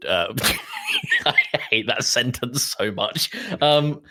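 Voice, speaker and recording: A man's voice: mid-range voice, takes it slowly, sharp tone. A British man co-hosting a podcast, chatting easily about a film and laughing often. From Britain. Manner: amused, laughs often, easygoing. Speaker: podcast co-host. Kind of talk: casual chat, film review.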